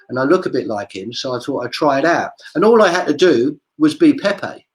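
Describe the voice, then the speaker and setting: A man's voice: fairly high pitch, lively intonation, fairly quick, poor audio. A man on a video call, a street performer talking through his career in a chatty, digressive way. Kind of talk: casual video-call interview.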